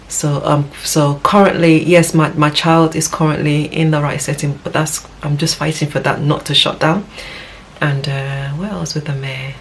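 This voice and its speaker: A woman's voice: sits low, slight background noise, rough recording. A woman with a West African accent talking casually to camera as a parent vlogger, rambling and earnest, with many fillers and restarts.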